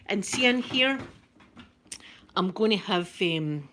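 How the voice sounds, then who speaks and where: A Scottish woman vlogger chatting casually with her viewers, talkative and quick to laugh at herself. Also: mid-range voice, expressive, a bit bright. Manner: chatty, laughs often, self-mocking. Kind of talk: casual live-stream chat.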